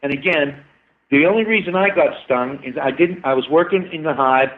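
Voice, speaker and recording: A man's voice: a little high, a little fast. Man explaining over a tinny line. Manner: enthusiastic, explaining at length. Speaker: guest scientist. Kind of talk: casual interview talk.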